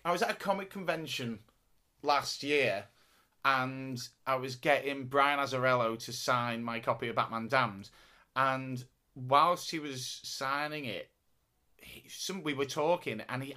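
A man's voice: mid-range voice, measured pace, sharp tone. A man co-hosting a casual podcast chat, rambling through stories with frequent restarts. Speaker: podcast co-host.

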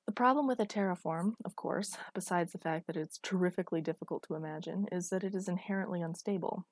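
A woman narrating first-person fiction in a measured, even storytelling manner. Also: fairly low pitch, no echo. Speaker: audiobook narrator.

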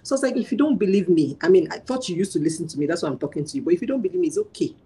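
A woman guest sharing her parenting experience in casual chat, telling animated stories, acting out dialogue and laughing often. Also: lowish voice, rapid-fire, husky, low-quality recording.

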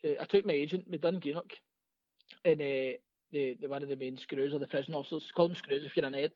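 A Scottish comedian rattles through a sweary story in a bright, high voice. He talks quickly and laughs along with his own tales. The recording is dry and a little dull. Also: steady tone, no room sound. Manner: rapid, profane, laughing anecdotes. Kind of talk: casual storytelling.

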